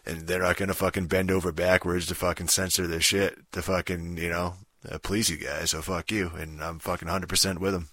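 A man's voice: sits low, flat delivery, fairly quick, hardly any pauses, fairly bright tone, dry recording. A man ranting casually about a video game, swearing constantly and rambling with lots of fillers and "dude". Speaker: gaming vlogger. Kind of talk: profane casual rant.

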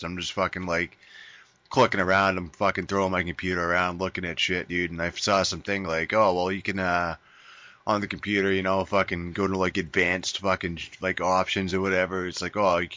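A man's voice: sits low, pushed and bright, no echo. A man telling a long, profane, rambling story in casual chat on a podcast, saying dude a lot. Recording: dull lo-fi sound.

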